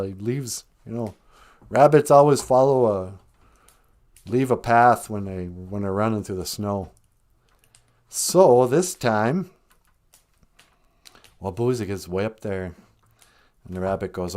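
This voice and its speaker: A man's voice: on the low side, slow pace, pauses often, a little mellow. Chatty joking male storyteller. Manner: chatty, joking asides, laughs at own tale. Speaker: podcast storyteller. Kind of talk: casual storytelling.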